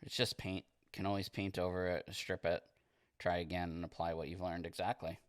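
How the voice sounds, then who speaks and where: A man streaming as he paints miniatures, chatting casually in a relaxed, rambling way and reading viewer comments aloud. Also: deep voice, moderate pace, clean tone, no echo, studio quality. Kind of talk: casual livestream chat while painting.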